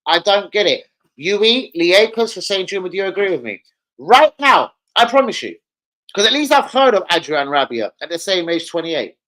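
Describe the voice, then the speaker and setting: Excitable man live-streaming football talk. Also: sits high, brisk. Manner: excitable, swears, calls out chat names. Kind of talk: casual live-stream chat.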